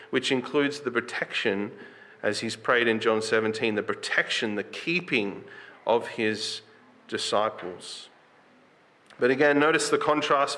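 A man's voice: on the high side, sharp tone. A man preaching a sermon in a conversational way, reading scripture and putting questions to his listeners. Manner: reads scripture aloud with rising emphasis.

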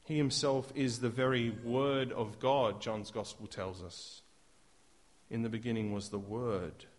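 A man preaching a sermon, emphatic and full of rhetorical questions, rising to loud declarations. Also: medium pitch, fairly even intonation, a little slow.

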